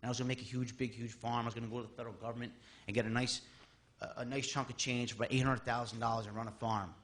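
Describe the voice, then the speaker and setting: A man's voice: medium pitch, flat delivery, rapid-fire, a bit bright. Exasperated man in his thirties. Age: 30s. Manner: rambling, exasperated, with restarts and rising emphasis. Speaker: resident speaking at public comment. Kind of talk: public comment at a town meeting. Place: town board meeting room.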